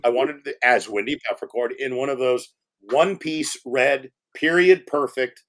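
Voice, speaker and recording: A man, a film director, telling behind-the-scenes stories as a guest, animated and laughing as he acts out quotes. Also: mid-range voice, normal speed. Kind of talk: storytelling in a podcast interview.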